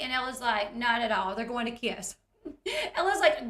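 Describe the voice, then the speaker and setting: A woman's voice: high voice, animated, measured pace, a bit bright, echoey room, slight background noise. A woman, retelling reality TV scenes in a chatty, giggly way and acting out the quotes. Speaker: recap host. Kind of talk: casual reality TV recap.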